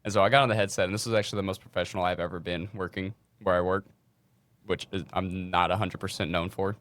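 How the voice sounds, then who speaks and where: A young man with a lowish voice tells a work story on a podcast. He talks casually and with energy, swears freely, and acts out the people in his story. The sound is close and dry. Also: steady tone, fast, fairly bright tone, dry recording. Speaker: podcast co-host.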